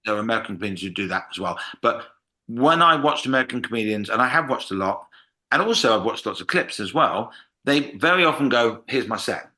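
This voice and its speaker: An English man talks comedy on a podcast, and the words come out fast. His tone is bright and forward. He is an animated storyteller who breaks into short impressions as he quotes people. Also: medium pitch. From England. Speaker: comedian guest. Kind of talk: casual podcast conversation.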